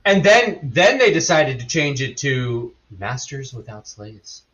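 A man co-hosting a podcast, chatting excitably about a movie and acting out his reactions. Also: mid-range voice, a little slow, lo-fi sound. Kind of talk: casual movie-review chat.

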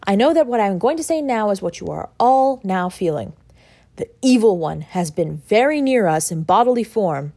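A woman voicing a solemn, pious older gentleman who speaks in a grave, sermonising way in a read story. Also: mid-range voice, expressive, moderate pace, no echo.

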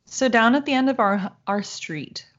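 A woman telling a long personal story in casual conversation, animated, laughing now and then and acting out the voices she quotes. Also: a little high, normal speed. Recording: dull lo-fi sound.

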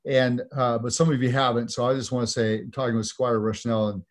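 A man hosting an interview, asking questions in a halting, enthusiastic way with many restarts. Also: mid-range voice, level tone. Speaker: host.

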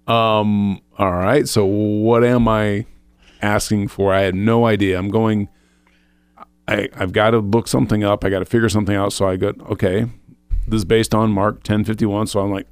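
On a faith show he co-hosts, a man earnestly recounts a personal spiritual experience in casual conversation, voicing his own thoughts and restarting often. His voice is lowish and level at a moderate pace, with a clean tone and no echo.

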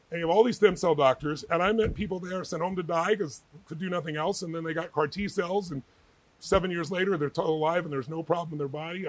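A middle-aged man with a husky, slightly raised voice pours out stories at a rapid clip. He talks with emphatic energy and slips into the voices of the people he quotes. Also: sits high, dry recording. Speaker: guest, author and speaker. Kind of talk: animated interview storytelling.

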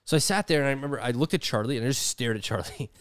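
Racing along in a clear, resonant, mid-range voice, a male podcast host chats casually from his studio. His talk rambles, is crowded with "like," and often acts out quoted voices.

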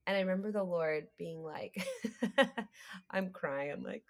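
A woman guest on a faith podcast, telling a story in an animated way and acting out the dialogue. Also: medium pitch, unhurried, vocal fry. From United States. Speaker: guest, creative entrepreneur.

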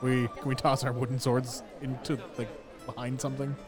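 A man's voice: mid-range voice, flat delivery, moderate pace, music in the background. A man playing a tabletop game, asking questions and nitpicking the rules. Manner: questioning, pedantic about rules. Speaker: player.

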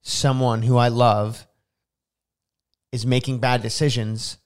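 A man's voice: medium pitch, level tone, takes it slowly, clear, resonant tone. A man co-hosting a casual podcast chat, talking earnestly with many "like" fillers. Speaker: podcast co-host.

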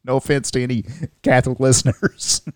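A man's voice: mid-range voice, little pitch movement, a little fast, smooth, no echo, clean studio sound. A man co-hosting a comedic news podcast, reading headlines aloud and joking between them. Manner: jokey, reads headlines aloud, laughs often. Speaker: podcast co-host.

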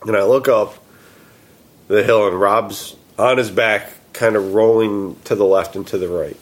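Husky guy telling a story, animated, doing his buddies' lines. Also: fairly low pitch, unhurried. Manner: animated, quotes himself and friends, laughs through the story. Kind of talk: casual chat, telling a story.

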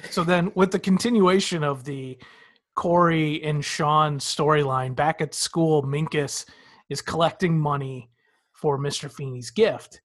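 A man's voice: fairly high pitch, fairly even intonation, measured pace, a bit bright. A man co-hosting a podcast, recapping TV episodes in casual, detailed storytelling. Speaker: podcast co-host.

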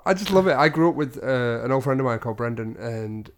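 A man chats casually on a podcast. He banters playfully and readily agrees with his co-host. His voice sits at an ordinary middle pitch. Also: expressive, fast talker. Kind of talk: casual chat.

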